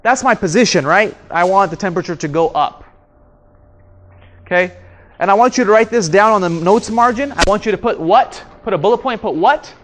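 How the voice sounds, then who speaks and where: In a training room full of people, a man running a communication workshop quizzes his audience and repeats his main points. He speaks a little fast in a high-pitched, expressive voice.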